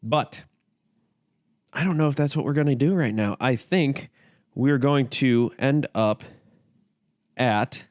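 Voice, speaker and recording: A man's voice: medium pitch, slow, pauses often, a little mellow, no room sound, clean studio sound. A man hosting a podcast in a casual, chatty, easygoing way. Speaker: podcast host.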